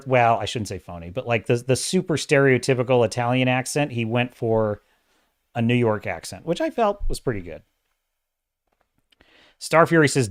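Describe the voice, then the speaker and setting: A man's voice: mid-range voice, clear, resonant tone. A man hosting a livestream, chatting casually and rambling, laughing often and reading out viewer comments. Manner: rambling, animated, laughs often, reads chat aloud. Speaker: livestream host.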